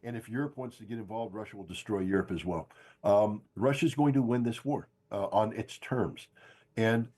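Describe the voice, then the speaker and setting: An older man gives emphatic political commentary, driving his points home by repeating them. His voice is low and husky, with a dark, mellow tone. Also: normal speed. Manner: emphatic, insistent, repeats key phrases. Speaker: guest analyst. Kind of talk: political commentary on a podcast stream.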